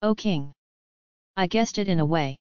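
A woman's voice: lowish voice, unhurried, a little mellow, smooth, no echo, highs cut off, lightly acted. A woman reading the part of a loyal older male king in an audiobook, earnest and pleading.

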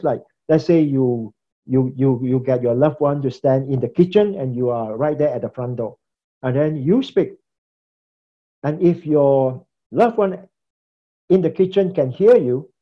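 A man's voice: mid-range voice, lively intonation, measured pace. A man giving a conversational classroom lecture on preaching, repeating phrases and asking the class questions. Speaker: preaching instructor. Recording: slightly dull lo-fi recording.

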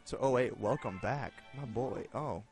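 A young man commenting on his own gameplay, excitable, self-mocking, and given to shouting at the game. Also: mid-range voice, unhurried, faint music behind. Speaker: gaming video host. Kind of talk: let's play commentary.

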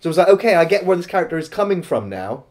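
A man co-hosting a casual film review, calmly recapping scenes and defending the parts he liked. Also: fairly high pitch. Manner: measured, recapping the plot and defending points.

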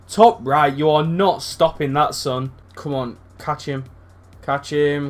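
A young man commentating his own football video game matches, excitable and rambling, swearing freely and shouting at big moments. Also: fairly high pitch, slow, soft background music. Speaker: gaming channel host. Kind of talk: live gameplay commentary.

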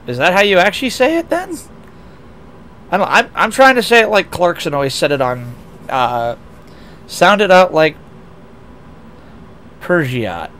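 A young man from the United States streams a racing game as a VTuber, reading chat aloud in a casual, rambling way full of restarts and self-deprecating asides. His high, expressive voice has a fairly bright tone, normal speed, and long pauses. A little hiss or hum is audible.

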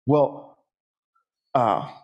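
Earnest young man giving a halting testimony. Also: darkish tone, lo-fi sound. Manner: halting, many fillers and restarts; rises higher and more emphatic when stirred. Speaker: church speaker. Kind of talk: personal testimony sermon. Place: church.

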